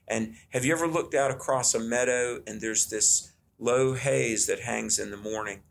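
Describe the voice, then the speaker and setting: A man's voice: medium pitch, normal speed, creaky. A middle-aged man from the South, talking in a folksy, earnest way as he tells stories from his childhood. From Southern United States. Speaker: guest. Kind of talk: conversational storytelling.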